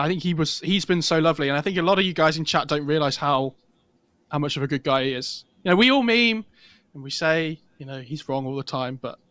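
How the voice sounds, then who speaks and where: A slightly high-pitched man casts an esports match live, chatting casually and rambling with plenty of fillers. His voice sits close and dry on a headset mic. He sounds relaxed, like he's hanging out with a co-caster. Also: no room sound. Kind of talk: casual live commentary chat.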